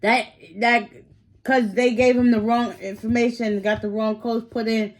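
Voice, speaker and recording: An American woman hosting a reaction video, excited, giggly and slangy in casual commentary. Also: on the high side, unhurried. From United States.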